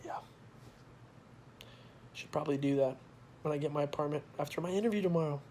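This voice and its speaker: A young man with a voice a touch higher than usual, vlogging on his own. He rambles candidly to his viewers and swears freely. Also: fairly quick, darkish tone, slight background noise. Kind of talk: casual confessional vlog.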